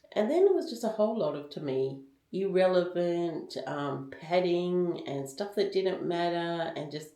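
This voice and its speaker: A woman's voice: sits low, gravelly, mellow, echoey room, poor audio. A woman giving a casual book review, candid and chatty, with plenty of ums and likes.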